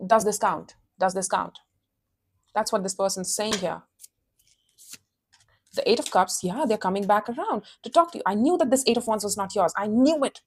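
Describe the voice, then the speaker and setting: A woman's voice: mid-range voice, animated, brisk, husky. A woman giving a casual tarot reading, intense and emphatic, repeating her phrases and calling the listener honey. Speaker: tarot reader.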